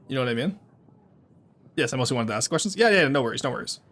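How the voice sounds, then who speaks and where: Guy streaming a game, bouncy pitch, goes off on rambly tangents. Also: very fast, a little hiss or hum. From Canada. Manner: animated, rambling rants with restarts. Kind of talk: casual live gameplay chat.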